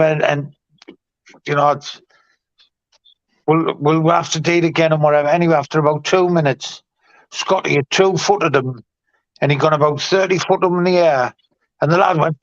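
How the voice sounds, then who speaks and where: A middle-aged man tells football stories in a halting, repetitive way. His voice sits somewhat high for a man. The sound is dry and a bit dull. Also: steady tone, a bit bright, no room sound. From North East England. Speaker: show host and former player. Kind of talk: casual chat.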